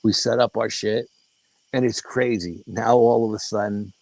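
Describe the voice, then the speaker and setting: An older man appears as a guest paranormal investigator in an interview, casually telling a story full of profanity and animatedly acting out the dialogue. His voice is on the low side with vocal fry and a moderate pace, in a dry, rough recording.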